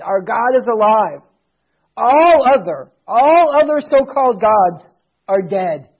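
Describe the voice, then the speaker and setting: A man's voice: sits high, slightly rough, dull audio. A man preaching a sermon, reading scripture aloud with rising and falling intensity. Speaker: pastor.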